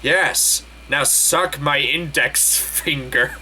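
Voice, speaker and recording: Man doing a sultry wizard professor, low and soft, slow delivery, bright tone. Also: a little hiss or hum, full character voice. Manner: calm, soft, low and drawn out.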